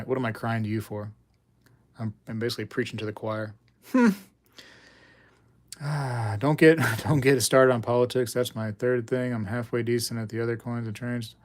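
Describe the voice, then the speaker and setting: A man hosting a coin livestream, rambling and joking with viewers in casual chat. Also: mid-range voice. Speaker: coin channel host.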